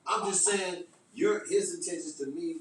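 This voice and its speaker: A man's voice: high-pitched, moderate pace. A man hosting a podcast, blunt and skeptical, cutting in with short remarks. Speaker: podcast host. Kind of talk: casual chat. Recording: echoey room, distant mic.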